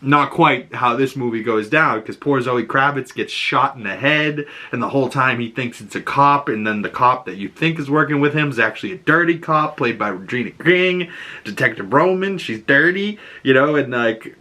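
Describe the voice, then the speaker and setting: A man giving a casual, animated movie review, chatty with lots of fillers and swearing. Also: mid-range voice, moderate pace.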